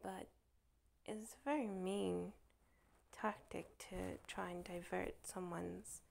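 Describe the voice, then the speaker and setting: A woman telling a rambling personal story, halting and full of fillers, often dropping to a soft whisper. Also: lowish voice, fairly even intonation, gravelly.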